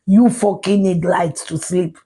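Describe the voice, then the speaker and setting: On a live stream, a middle-aged woman with a Ghanaian accent rants bluntly and profanely, moving between Twi and English. Her voice is fairly low, steady, warm and slightly rough, at a measured pace. She's a social media commentator.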